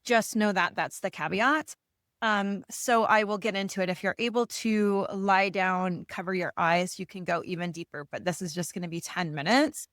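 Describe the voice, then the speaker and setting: A woman facilitating breathwork, giving slow, soothing guidance over a video call. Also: medium pitch, fairly even intonation, a bit bright, no room sound, studio quality. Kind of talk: guided breathwork instruction.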